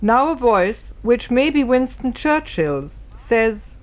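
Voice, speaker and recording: A woman reading scripted documentary narration in a careful, deliberate way. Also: on the high side, sing-song.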